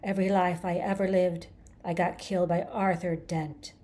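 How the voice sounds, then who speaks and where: A woman voicing a bitter, menacing male spirit reincarnated as creatures, rumbling and rasping in an audiobook. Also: little pitch movement, moderate pace, warm tone, natural voice. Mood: furious. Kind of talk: audiobook character voice.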